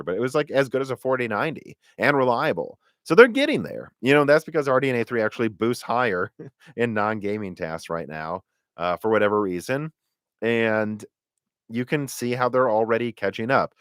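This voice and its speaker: A man hosting a live tech Q&A stream, talking in an animated, rambling way and often correcting himself mid-sentence. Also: fairly low pitch, no room sound, clean studio sound. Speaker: tech podcast host.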